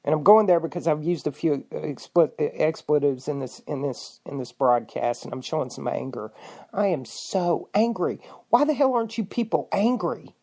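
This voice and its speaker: A woman's voice: sits low, expressive, moderate pace. Fiery, indignant woman ranting. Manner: fiery, indignant, swings between shouting and muttering; profane, rhetorical questions. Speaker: podcast host. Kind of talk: angry political rant.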